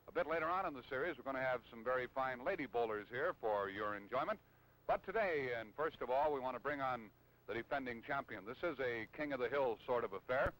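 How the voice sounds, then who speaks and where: Upbeat old-time TV bowling emcee. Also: male voice, medium pitch. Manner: upbeat announcer, then calm play-by-play. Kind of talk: TV sports commentary. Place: bowling alley. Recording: noisy old TV broadcast.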